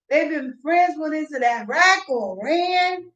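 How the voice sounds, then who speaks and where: A woman's voice: sits high, animated, unhurried, fairly bright tone, muffled recording. A woman vlogging in a meandering, casual monologue, repeating herself as her thoughts wander. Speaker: mukbang vlogger.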